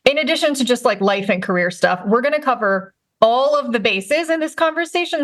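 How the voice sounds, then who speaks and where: A woman's voice: a little high, lively intonation, brisk, few pauses. A woman in her thirties, a life and career coach hosting a podcast, talking in a rambling, upbeat way and laughing often. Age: 30s. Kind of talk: chatty podcast talk. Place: recording remotely, not in the same room as her co-host.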